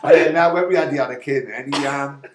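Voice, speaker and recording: A man's voice: medium pitch, fast. A man chatting on a podcast, swearing and telling rambling stories with lots of laughs. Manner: sweary, storytelling, laughing often. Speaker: podcast guest. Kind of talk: casual chat. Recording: echoey room with crowd noise.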